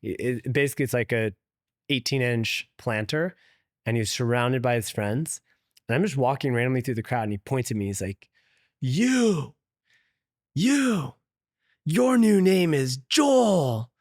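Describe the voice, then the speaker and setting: Male interview guest, casual anecdote teller, filler-heavy and loose, mid-pitched, dry close recording. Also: fairly quick, no room sound. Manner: loose and chatty, heavy use of "like", laughs often. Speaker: interview guest, venture investor. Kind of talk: casual storytelling in conversation.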